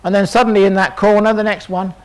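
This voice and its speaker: High-voiced preacher retelling a story. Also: male voice, level tone, fast, poor audio. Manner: dramatic storytelling, many rhetorical questions. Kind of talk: sermon.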